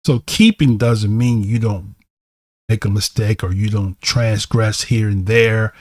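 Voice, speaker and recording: A man's voice: on the low side, steady tone, measured pace, a little mellow, no room sound, clean studio sound. A man teaching a bible lesson, reading verses aloud and explaining them, often asking "right?" to check in with listeners.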